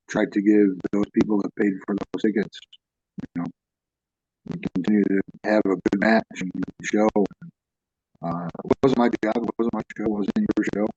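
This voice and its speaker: A lower-voiced man talking in a plain, gruff way, a little choked up. The sound is dry and dull, like a lo-fi recording. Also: darkish tone, no echo. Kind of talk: casual chat.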